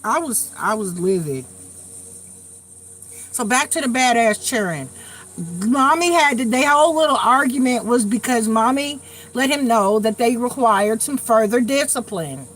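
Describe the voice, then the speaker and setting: A woman in her late forties chats on a live stream with a fairly high voice that swings widely up and down. She talks bluntly and swears freely, telling stories with a lot of drive. She is getting over a cold and coughs now and then. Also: unhurried. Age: late 40s. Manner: blunt, profane, animated storytelling. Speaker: tarot reader hosting a live stream. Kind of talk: casual live chat.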